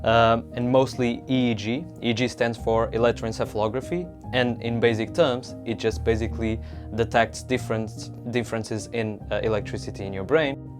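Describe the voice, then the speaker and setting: A man's voice: mid-range voice, fairly even intonation, normal speed. A man researcher explaining brain scanning in a documentary interview, with hesitant fillers. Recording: guitar music underneath.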